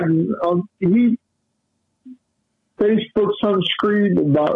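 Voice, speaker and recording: Husky man calling in on a phone line. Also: high voice, takes it slowly, pauses often. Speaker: caller. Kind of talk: phone-in chat.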